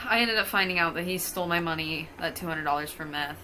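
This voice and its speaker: A woman's voice: on the low side, fairly quick, pushed and bright, a little hiss or hum. A young adult woman telling a personal story in a casual vlog, profane and exasperated. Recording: clear music playing behind the voice. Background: music.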